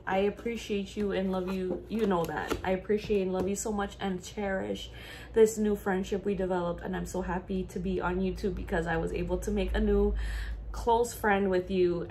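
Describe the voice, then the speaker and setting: A young woman talks through an unboxing in her own casual vlog, gushing and emotional, her words tumbling out breathlessly. Her voice sits at an everyday middle pitch. A faint hiss of room noise runs underneath. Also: darkish tone. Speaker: vlogger.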